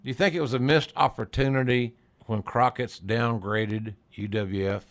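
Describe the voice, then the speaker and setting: A man's voice: medium pitch, steady tone, normal speed. An older man hosting a podcast interview, telling stories in a folksy, salty manner. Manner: folksy, salty, chuckling storyteller. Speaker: podcast host. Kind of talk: casual interview chat.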